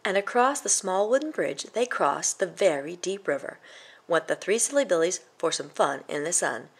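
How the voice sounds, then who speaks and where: A woman reads a children's picture book aloud and plays up its sound words. Her voice sits a little low and carries a gravelly fry. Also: expressive, moderate pace.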